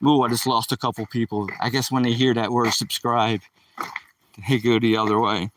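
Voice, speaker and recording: A man's voice: medium pitch, flat delivery, normal speed, far from the mic, noisy background. A man live streaming while he walks his dog on a rural dirt road, chatting loosely with the viewers in his chat.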